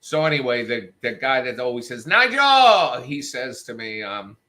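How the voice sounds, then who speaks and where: A man's voice: mid-range voice, moderate pace, a bit bright. A man hosting a show, telling a story in a casual, profane, worked-up rant and quoting people in raised voices. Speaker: show host.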